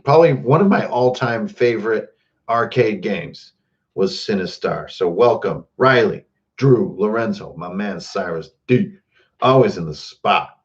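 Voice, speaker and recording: A man's voice: on the low side, animated, unhurried, muffled recording. A man hosting a casual livestream, rambling and joking while he greets viewers by name. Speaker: host.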